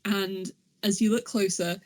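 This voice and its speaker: A woman describes a scene for her tabletop game character, halting often to search for words. Her pitch sits in the middle. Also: steady tone, darkish tone. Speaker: player. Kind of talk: descriptive role-play narration.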